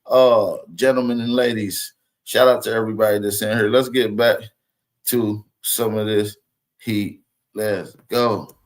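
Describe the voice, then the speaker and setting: A man's voice: fairly low pitch, steady tone, unhurried. A man hosting his channel in casual livestream talk, loose and rambling with slang. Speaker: channel host.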